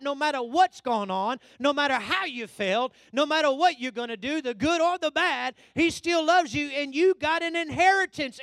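A man preaching a sermon, calling out to his congregation and swinging from low asides to loud shouts. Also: no echo. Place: church hall.

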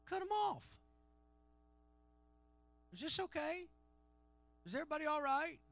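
A male pastor preaching a sermon in call-and-response style, swinging between loud shouts and low murmurs. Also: expressive, unhurried.

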